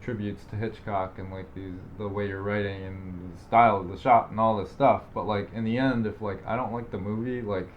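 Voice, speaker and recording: Young man, podcast co-host, low voice, rambling casual chat, dull lo-fi sound, faint hiss. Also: fairly even intonation, brisk, few pauses. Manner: rambling, filler-heavy, self-deprecating.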